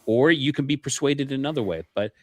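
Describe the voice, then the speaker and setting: A brisk male voice at medium pitch, recorded with no room sound. The man is a guest on a paranormal interview podcast, telling his experiences earnestly while restarting sentences and repeating words at the start of them.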